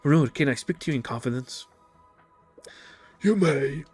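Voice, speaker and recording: Man doing scheming woman mayor, put-on foreign accent, flattering, evasive, faint music. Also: medium pitch, moderate pace, husky, pitched above the performer's own voice, natural voice. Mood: smooth.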